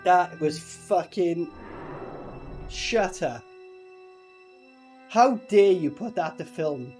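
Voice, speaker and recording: A man casually reviewing a film with a co-host, animated and mocking, swearing often. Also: sits high, extremely slow, soft background music. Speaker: movie reviewer. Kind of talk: casual movie review chat.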